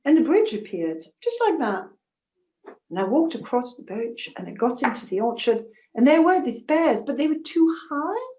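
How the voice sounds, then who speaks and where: A woman's voice: high voice, big pitch swings, normal speed, warm tone, echoey room. A woman storyteller telling a folktale in the first person, intimate and emotional, with asides to her listeners.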